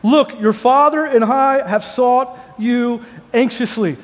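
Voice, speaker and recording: Male preacher, high-pitched, chatty and joking, big reverberant sanctuary. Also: takes it slowly. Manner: joking, conversational storytelling. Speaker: pastor. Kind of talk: sermon. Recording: long hall reverb.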